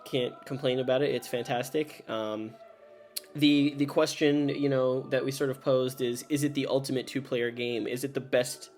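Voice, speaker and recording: A man's voice: medium pitch, steady tone, normal speed, darkish tone, soft background music. A man co-hosting a board game review show in casual chat, thoughtful and hedging as he searches for words.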